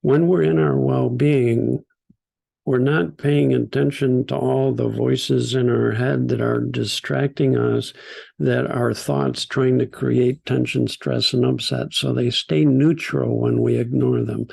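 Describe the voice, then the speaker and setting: Gravelly older man telling stories. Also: mid-range voice, steady tone. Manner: gentle, unhurried storytelling with soft laughs. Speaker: teacher. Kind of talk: storytelling talk.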